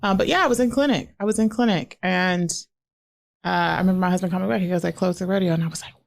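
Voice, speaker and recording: A woman's voice: lowish voice, quick pace, gravelly. A woman, a midwife, chatting casually as a podcast guest and often laughing as she tells stories. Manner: lively, laughs through stories.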